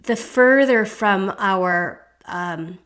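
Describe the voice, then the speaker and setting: A woman's voice: mid-range voice, drawn-out words, fairly bright tone. A woman hosting an astrology show, musing aloud in a reflective, circling way with frequent rhetorical checks. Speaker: astrology podcast host. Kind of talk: reflective podcast monologue.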